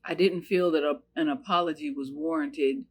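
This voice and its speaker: A woman's voice: deep voice, fairly even intonation, normal speed, husky. A woman from the United States telling a personal story in an earnest, searching way, with many fillers and restarts.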